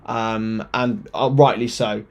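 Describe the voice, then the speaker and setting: A man hosting a live football watchalong, commenting as a fan. He talks in an excitable, chatty way, often stumbles over words, and sounds nervous and shaky. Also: fairly low pitch, slow, creaky. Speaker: watchalong host.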